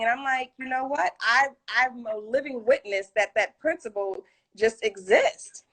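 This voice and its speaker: A woman with a voice on the high side speaks at a moderate pace while hosting a casual live video chat over a phone call. An author and live stream host, she tells stories and quotes friends with feeling, in an emotional, warm way.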